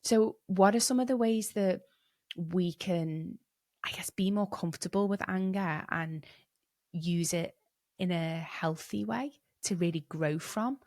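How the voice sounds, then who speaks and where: A woman's voice: mid-range voice, measured pace, darkish tone, dry recording, clean studio sound. A woman hosting a podcast, asking thoughtful, musing questions with a rising lift. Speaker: podcast host. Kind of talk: conversational interview questions.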